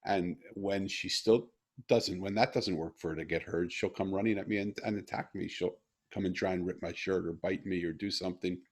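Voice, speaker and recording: Low husky middle-aged man, earnest storyteller in conversation. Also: fairly quick. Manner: earnest, animated when retelling. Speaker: guest.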